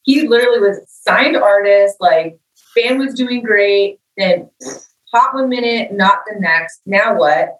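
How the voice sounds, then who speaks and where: During a relaxed interview, a middle-aged woman who is the guest musician speaks at a measured pace with medium pitch. She's a lively storyteller who acts out the lines of the people she describes. The rough recording sounds roomy and distant.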